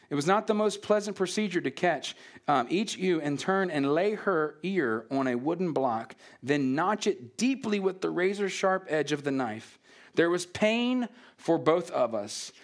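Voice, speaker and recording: Preacher with a higher voice. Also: male voice. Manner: engaging, asks the congregation questions, drops to soft near-whispers. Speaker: pastor. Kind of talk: sermon.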